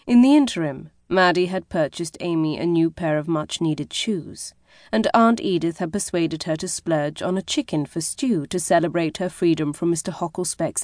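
A woman reading a romance novel aloud as an audiobook narrator, in a measured, expressive way. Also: lowish voice, no echo, clean studio sound. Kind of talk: scripted narration.

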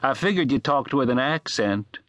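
A man's voice: medium pitch, animated, normal speed, a bit bright, no echo, voice pushed up, close to an everyday voice. A man voicing a suspicious middle-aged shopkeeper who asks blunt, wary questions. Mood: curious.

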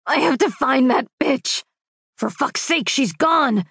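A woman narrator voices a volatile young dragon brother in a storybook audiobook, a man shouting with raw, tearful fury. The voice is gravelly and husky, in a dry, close recording. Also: high voice, expressive, a little slow, dry recording, pitched above the performer's own voice, exaggerated voice. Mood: furious anguish.

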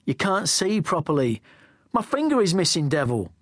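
A man's voice: on the high side, animated, normal speed, creaky, slightly rough, dry recording, pitched above the performer's own voice, exaggerated voice. A man voicing an injured teenage boy who speaks in a strained, pained way, in a dry studio reading. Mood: pleading. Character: injured teenage boy, scared but acting tough.

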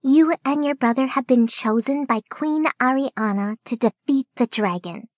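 A woman's voice: high voice, normal speed, no echo. A woman voicing a small fairy mother who speaks with a firm, confident voice.

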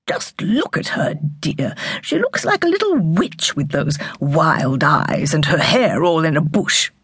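A woman's voice: low voice, sing-song, a little slow, a bit bright, husky, no room sound, studio quality, full character voice. A woman voicing a needling older grandmother in an audiobook, with snide, sniping remarks.

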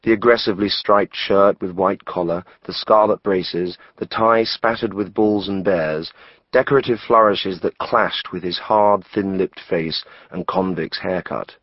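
A man reading a novel aloud as narrator, in a wry, measured way. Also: deep voice, fairly even intonation, dry recording, muffled recording. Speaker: audiobook narrator. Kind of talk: scripted narration.

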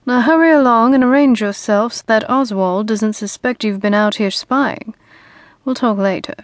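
Woman narrator doing a sly, seductive man, soft-spoken, murmured and close, hushed. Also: high-pitched, normal speed, no echo, close to an everyday voice. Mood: murmuring.

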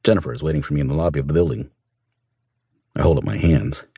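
A man narrating a first-person audiobook in a smooth, measured storytelling manner. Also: very deep voice, warm tone, no room sound, studio quality.

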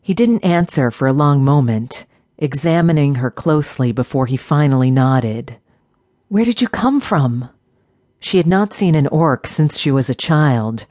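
Female audiobook narrator, steady measured fantasy read, dry close sound. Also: very deep voice, no room sound.

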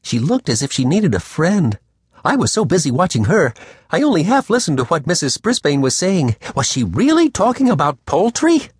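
A man narrating a children's audiobook in first person, with a lively storytelling manner. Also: a little high, moderate pace, slightly rough, no echo, clean studio sound. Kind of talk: scripted narration.

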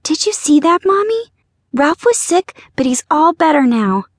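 A woman voicing a sweet, tearful little girl in an audiobook, with a high, meek, childish voice. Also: sing-song, unhurried, no room sound, clean studio sound. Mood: delighted. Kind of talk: audiobook character voice.

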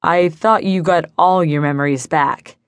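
A woman's voice: sits low, a little slow, smooth, no room sound, clean studio sound. A woman voicing an earnest, angry young man in an audiobook, speaking in an urgent, serious manner.

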